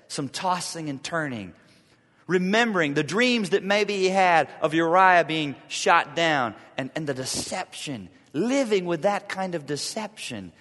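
A man preaching a sermon, reading scripture aloud and swinging from loud to hushed for drama. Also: a little high, animated, unhurried, big-room sound. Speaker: pastor.

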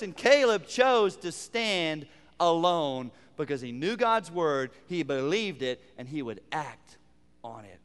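A man preaching a sermon as pastor, building through emphatic repeated phrases and then dropping to near-quiet asides. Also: fairly high pitch, clean tone, long reverb tail. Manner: preaching with rising emphatic repetition and sudden quiet drops.

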